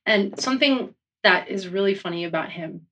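Woman snowboarder gushing about a coach, mid pitch, a little far from the mic. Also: moderate pace, a little hiss or hum. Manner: gushing, animated storytelling. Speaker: snowboarder, interviewee. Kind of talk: casual interview chat.

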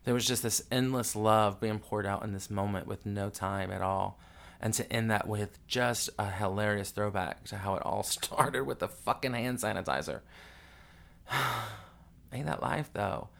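A grieving man hosting his podcast, telling a raw, emotional family story with a lot of swearing, moving between hushed sorrow and loud, excited retelling. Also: fairly low pitch, normal speed, vocal fry. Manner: candid and profane, swings from hushed grief to loud excited retelling. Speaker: podcast host.

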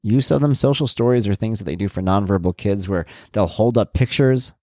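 A middle-aged man hosts a podcast, delivering a casual, candid and reflective monologue. His voice is lowish and dark in tone, his pace brisk, and the recording is studio quality with no echo.

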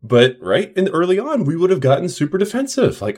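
A man's voice: fairly high pitch, big pitch swings, brisk, few pauses, darkish tone, slightly rough. Emphatic man coaching practice owners. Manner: emphatic, coaching tone, acts out mock dialogue. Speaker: podcast co-host, clinic owner. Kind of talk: casual business podcast chat.

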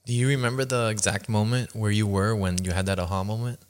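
A man's voice: on the low side, fairly even intonation, quick pace, clean tone. A man hosting a podcast, asking prompting questions in a casual, joking way. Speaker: podcast host. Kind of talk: interview questions.

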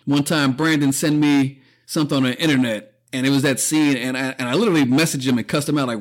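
A man's voice: mid-range voice, brisk, few pauses. A man hosting a podcast, talking through a casual opinion monologue, emotional and profane, choking up and laughing often. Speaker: podcast host.

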